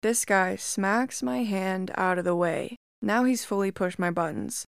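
Woman narrator for scary online stories, smooth clear voice, dry close sound, steady reading. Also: mid-range voice, no room sound. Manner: steady, measured first-person reading. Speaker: story narrator. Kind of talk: scripted narration of reddit horror stories.

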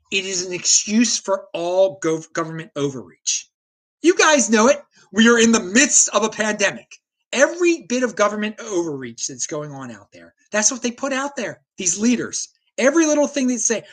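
Male host, combative livestream ranter, very lively pitch, frequent stammered restarts. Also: normal speed. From United States. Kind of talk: ranting livestream commentary, reading viewer chat.

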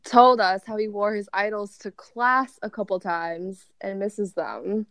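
A woman co-hosting a casual podcast, teasing the others and dropping quick asides. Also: medium pitch, fairly bright tone, no echo. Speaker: podcast co-host. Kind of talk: casual recap chat.

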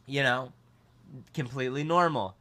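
A man co-hosting a podcast, telling a story in a casual, animated, self-mocking way. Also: medium pitch, moderate pace. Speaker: podcast co-host.

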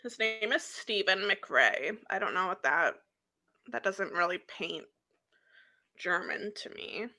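Giggly woman cohost, bright voice, bouncy pitch, casual movie chat. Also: expressive, slow. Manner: giggly, playfully self-mocking. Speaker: podcast co-host. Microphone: remote call.

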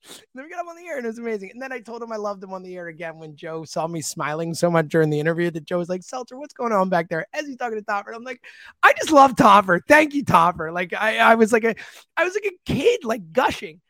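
Man, high voice, excitable sports radio co-host, dry close sound. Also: no echo. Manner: excitable, gushing, talks fast in bursts. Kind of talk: casual sports chat.

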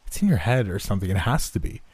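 A man voicing his own frightened, angry character, shouting and swearing at his roommate, his husky voice pushed much higher. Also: lively intonation, fast, dry recording. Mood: agitated. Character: scared, angry young man, the narrator's character.

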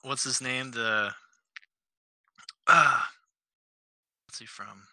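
A man co-hosting a podcast in casual chat, joking, laughing often and halting over fillers. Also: medium pitch, bright, forceful tone, dry recording. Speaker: podcast co-host.

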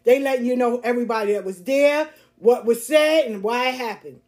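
A woman's voice: a little high, a little fast, darkish tone. A woman hosting a podcast monologue, speaking bluntly and emphatically, repeating her points and laughing often. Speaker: podcast host. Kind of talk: casual monologue.

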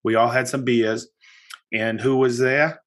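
Brief: male podcast host, mid-pitched, relaxed chat, animated storyteller. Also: a little slow. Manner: animated storytelling, chatty with many restarts. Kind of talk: casual chat.

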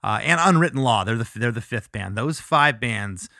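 A middle-aged man chats as an interview guest, spinning road stories in a loose, rambling way and laughing often as he goes. His voice is bright and forceful. It is recorded close and dry, with no room sound. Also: mid-range voice, animated, normal speed, no echo. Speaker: touring musician guest. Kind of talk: casual interview storytelling.

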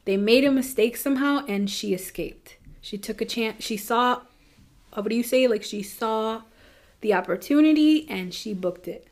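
A woman hosting a podcast, telling a true crime case in a casual, chatty way with quick asides. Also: on the high side. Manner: chatty, fast asides with nervous laughs. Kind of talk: casual storytelling.

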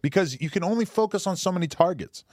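A man's voice: high voice, lively intonation, fast talker, a little mellow, dry recording, clean studio sound. A man co-hosting a podcast in casual chat, rambling bluntly and swearing freely. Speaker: podcast co-host.

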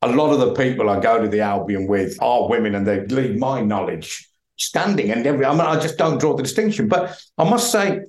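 A middle-aged man tells stories in a casual podcast chat and laughs often along the way. His pitch sits in the middle, and the recording carries a roomy echo. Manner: chatty, laughs while telling stories. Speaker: podcast guest, broadcaster.

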